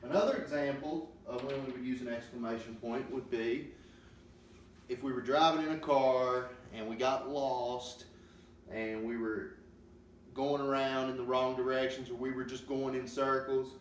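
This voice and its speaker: Male teacher, patient, halting delivery full of ums, far from the mic in a roomy space with faint hiss. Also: mid-range voice, steady tone. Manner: slow, patient explaining with many ums. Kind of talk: classroom grammar lesson.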